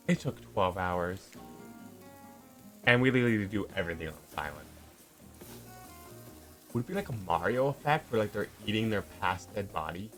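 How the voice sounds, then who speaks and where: A man's voice: mid-range voice, bright, forceful tone. A man playing a dating sim, reading its text aloud and reacting with playful jokes. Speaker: let's play gamer.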